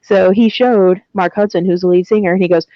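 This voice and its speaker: A person telling a concert story in a casual online chat, excited and often giggling. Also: medium pitch, brisk, no echo, lo-fi sound.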